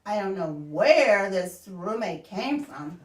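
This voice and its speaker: A middle-aged woman co-hosts a casual stream chat, laughing often and trailing off mid-thought. Her mid-range voice is animated and slow. She sounds distant from the mic, with a roomy echo.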